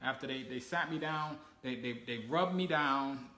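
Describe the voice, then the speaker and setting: A man's voice: medium pitch, moderate pace, sharp tone. A man casually telling a travel story on a family channel, acting out the people he quotes and laughing as he goes. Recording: echoey room with faint ambient noise.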